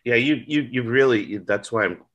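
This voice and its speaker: A man's voice: medium pitch, moderate pace, a bit bright, lo-fi sound. A man in a casual literary discussion on a podcast, thinking aloud with frequent restarts and asides.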